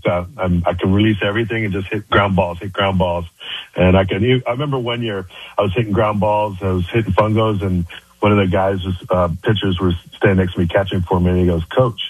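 A man, a high school baseball coach, talking relaxed as a radio guest. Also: slightly rough, no echo, poor audio. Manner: relaxed, hesitant with fillers. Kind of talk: casual radio interview.

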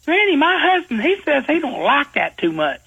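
A man's voice: extremely high pitch, huge pitch swings, normal speed, vocal fry, pushed and bright, dull audio, voice pushed up, full character voice. A man voicing a simple young country wife in a made-up radio drama, with a folksy drawl. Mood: chirpy.

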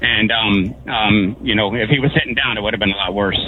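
A man's voice: lowish voice, a little fast, crowd noise. Rambling male caller over a tinny phone. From Connecticut. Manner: rambling, many fillers. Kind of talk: telling stories on a call-in show. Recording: tinny phone line with faint noise.

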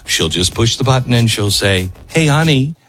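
A man's voice: fairly low pitch, normal speed, fairly bright tone. A middle-aged man hosting a talk radio show, speaking in an emphatic, conversational way with a self-deprecating edge.

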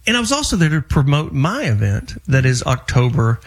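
A male talk show host with an everyday mid-range voice. He chats in a loose, relaxed way while promoting an event. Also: on the high side, brisk, husky. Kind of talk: casual talk show chat.

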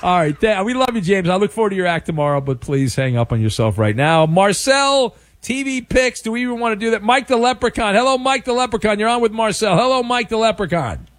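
A male radio host with a somewhat high, very lively voice, bantering and needling callers. He sounds close and dry on a studio microphone, with a wry, teasing delivery. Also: dry recording. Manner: teasing, quick-witted, wry. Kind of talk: casual talk radio banter.

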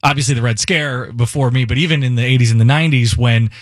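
A man's voice: medium pitch, steady tone, fast, no room sound, clean studio sound. A man filling in as a radio host, chatting casually in a rambling, joking way and correcting himself as he goes. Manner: rambling, self-correcting, jokey. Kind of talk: casual talk radio chat. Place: radio studio. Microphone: studio microphone.

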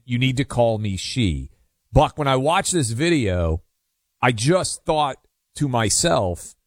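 A man's voice: medium pitch, no echo. Male talk radio host, opinionated and chatty, dry studio sound. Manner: conversational, opinionated, frequent fillers.

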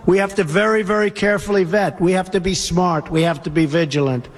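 A man reading a poem aloud to a crowd, slow and emphatic with long pauses. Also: high-pitched, fairly even intonation, in a large hall.

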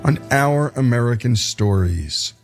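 Male radio host, mid pitch, scripted outro, music bed. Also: lively intonation, measured pace.

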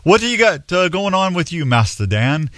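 A man's voice: high-pitched, lively intonation, moderate pace, a bit bright, no echo, pitched above the performer's own voice. A man voicing a stuffy English butler in a comic radio ad read, with a put-on posh British accent that slides into Scottish. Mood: pompous.

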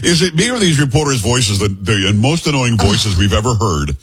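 A man hosting a radio talk show, telling stories in a joking, animated way and mimicking other people's voices. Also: fairly low pitch, normal speed, background noise. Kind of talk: casual talk radio banter.

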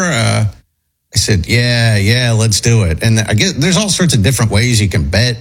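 A man's voice: on the low side, normal speed, slightly rough. A man telling a long rambling story in casual chat, full of fillers and restarts. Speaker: storyteller on a talk show.

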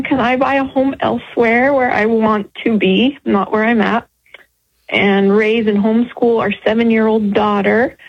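A woman phones in to a radio show and speaks in an emotional, halting way, breaking off mid-phrase and starting over. Her voice is somewhat breathy, and the line sounds dull and closely miked. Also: mid-range voice, dry recording. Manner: emotional, halting, with many restarts. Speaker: caller. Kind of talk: radio call-in.

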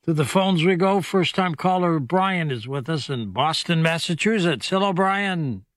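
A male radio host taking calls, with a fairly high voice. He talks briskly and sounds upbeat. The sound is dry and close. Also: animated, dry recording. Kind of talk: call-in radio hosting.

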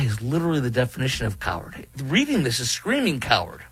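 Indignant male political commentator, husky and dry. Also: medium pitch, wildly swooping pitch, fast, few pauses, fairly bright tone, no room sound, low-quality recording. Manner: indignant, mocking, reads quotes aloud then rebuts them. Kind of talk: opinionated commentary monologue.

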